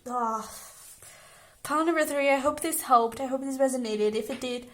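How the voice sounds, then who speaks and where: A woman's voice: sits high, normal speed. A young woman giving a casual pick-a-card tarot reading, earnest and reassuring, often checking in with "okay?". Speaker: tarot reader.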